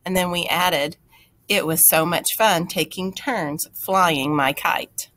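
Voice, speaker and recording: A woman's voice: fairly low pitch, takes it slowly, a bit bright. A woman teacher giving a recorded writing lesson to young children, explaining step by step in a patient, encouraging way.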